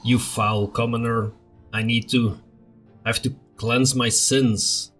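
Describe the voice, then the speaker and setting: Man doing crazed old noble grandfather, fanatical rant, slow menacing words, middle-pitched, faint music behind. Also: steady tone, a bit bright. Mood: bitter. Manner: ranting, slow menacing pronouncements.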